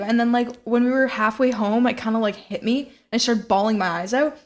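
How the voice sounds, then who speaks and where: A woman's voice: fairly high pitch, fast. A young woman co-hosting a podcast, telling stories in casual chat full of fillers. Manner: chatty storyteller, many fillers. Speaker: podcast co-host.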